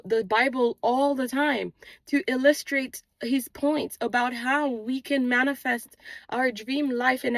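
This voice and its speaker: A woman's voice: high voice, creaky, a bit bright, no echo. A woman host giving an earnest spiritual motivational talk, with an accent she mentions herself and a repetitive, preaching rhythm, recorded outdoors on a walk. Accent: non-native English accent, origin unstated. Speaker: manifestation channel host.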